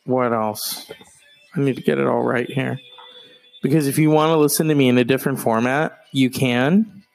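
A man's voice: medium pitch, steady tone, normal speed, creaky, soft background music. A man hosting his own solo podcast, talking casually with profane, rambling, sarcastic asides. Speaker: podcast host. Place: home in the countryside.

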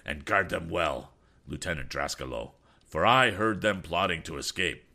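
Casting: pompous naval admiral giving orders, played by a male reader, bright and forceful. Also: sits low, normal speed, gravelly, full character voice. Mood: commanding. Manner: commanding.

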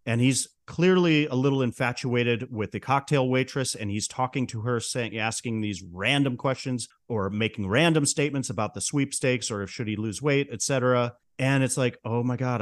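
A man co-hosting a film podcast, talking in an enthusiastic, relaxed, buddy-like way. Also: mid-range voice, moderate pace, hardly any pauses, dry recording. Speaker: podcast co-host. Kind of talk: casual film discussion.

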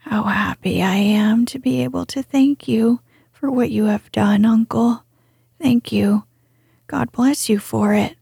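A woman's voice: on the high side, measured pace, warm tone, no echo, clean studio sound, full character voice. A woman whispering as a frail old grandmother. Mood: grateful. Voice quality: breathy whisper. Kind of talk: whispered role-play.

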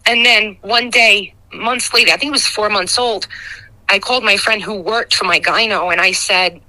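A middle-aged woman giving a raw, emotional personal testimony as a guest, halting and recounting painful memories. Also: mid-range voice, fairly even intonation, pushed and bright, low-quality recording.

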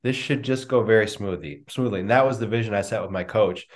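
A middle-aged man, a business coach, answering interview questions with lively storytelling and acted-out dialogue over a video call. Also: on the low side, fast. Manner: animated storyteller, acts out quoted dialogue. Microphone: remote video call.

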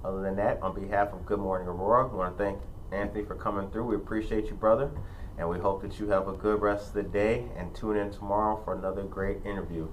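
Deep voiced guy hosting a morning show, agreeable, backs up his guest a lot. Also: steady tone, fast, a little hiss or hum, low-quality recording. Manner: agreeable, affirming backchannel. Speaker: host. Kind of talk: casual interview.

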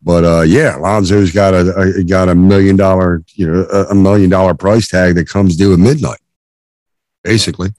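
A man co-hosting a podcast in casual film discussion, talking haltingly with many restarts. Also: low voice, fairly even intonation, darkish tone, no echo. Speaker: podcast co-host.

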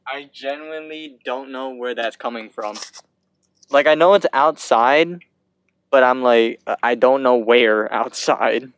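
A young man co-hosting a podcast, chatting in an easygoing, halting way with many restarts. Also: mid-range voice, clean tone, no echo. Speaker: podcast co-host. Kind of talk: casual episode recap chat.

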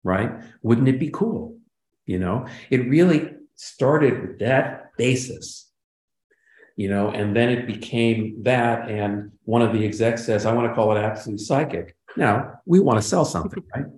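A man's voice: medium pitch, lively intonation, a little slow, darkish tone. An older man, a guest in a casual interview, telling stories animatedly and acting out quoted lines. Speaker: guest, sitcom writer and producer. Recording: roomy echo.

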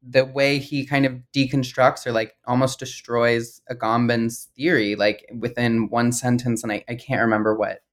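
A man's voice: medium pitch, little pitch movement, normal speed, hardly any pauses. A man interviewing an author in a casual conversation, speaking tentatively.

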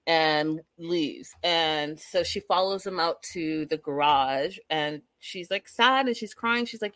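A woman's voice: low-pitched, takes it slowly, few pauses, fairly bright tone, no echo. Gossipy woman recapping a show. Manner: gossipy, addresses viewers directly. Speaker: reality TV recap vlogger. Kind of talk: chatty recap monologue.

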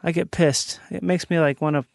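A man with a notably high voice for a man jokes around in casual podcast chat, his thoughts spilling out in loose run-ons. He sounds animated and playful. The recording is dry and close. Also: normal speed, gravelly, dry recording.

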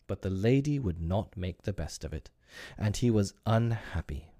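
A man narrating a storybook in an expressive, wry way. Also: fairly low pitch, normal speed, few pauses, no room sound, clean studio sound.

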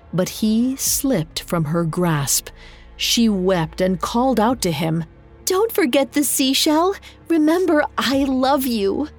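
A woman narrating a folk tale in a measured, even scripted reading. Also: fairly low pitch. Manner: measured, even storytelling delivery. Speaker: storyteller.

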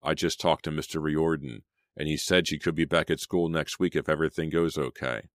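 A smooth, secretive young man, calm and measured, from a storybook reading, given by a man in his own very deep voice. The delivery stays low and even. The recording is dry and close. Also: dry recording. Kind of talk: audiobook character reading.

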